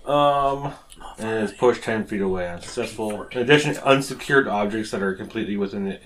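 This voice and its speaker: A man's voice: on the low side, fairly quick, a bit bright, slight background noise. A man playing in a tabletop game, chatting casually and swearing as he works out his moves. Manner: casual, profane, thinking aloud. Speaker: player.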